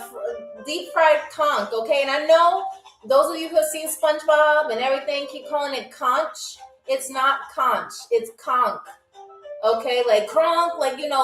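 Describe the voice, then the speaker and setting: A woman's voice: high voice, roomy sound, distant mic, low-quality recording. A woman hosting a live-stream game show, playful and chatty, talking straight to her viewers.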